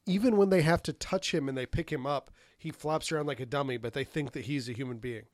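A man's voice: medium pitch, quick pace, no room sound, studio quality. A man co-hosting a podcast, asking questions about a film in an easygoing, casual way. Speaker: podcast co-host. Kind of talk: casual chat.

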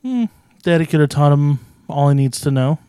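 Male co-host, playful and deadpan, crisp tone, dry close mic. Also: on the high side, moderate pace, dry recording. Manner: playful, deadpan joking wordplay. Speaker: podcast co-host. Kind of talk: casual chat about movies.

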